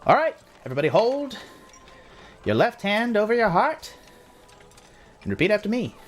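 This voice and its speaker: A man voicing a stern male gate official who speaks formally and recites oaths in a slow, commanding way. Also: high voice, big pitch swings, soft background music, pitched above the performer's own voice. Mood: formal, brisk.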